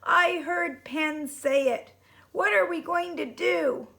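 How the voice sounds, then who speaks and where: A woman's voice: extremely high pitch, slow pace, vocal fry, sharp tone, pitched above the performer's own voice, exaggerated voice. A woman voicing a panicky pencil in a storybook reading, wailing in alarm. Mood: panicked. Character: panicky pencil, doom-crying worrier.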